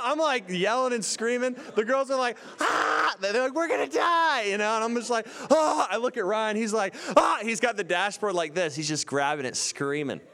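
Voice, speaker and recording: Brief: young man, animated storyteller, mid-pitch, loud yelling bursts. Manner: excitable, acts out screams and voices.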